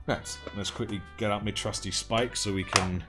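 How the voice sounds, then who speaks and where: Chatty man, lowish voice. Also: steady tone, moderate pace, music in the background. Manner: chatty, reads out and thanks chat while painting, laughs often. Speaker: livestream host. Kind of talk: casual livestream chat.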